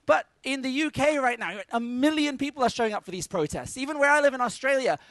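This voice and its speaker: A man with a strikingly high, sharp, forceful voice delivers an energetic conference talk, full of jokes and punchy asides. The sound is close and dry, with almost no room echo. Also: fast. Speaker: conference speaker. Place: conference stage with a live audience.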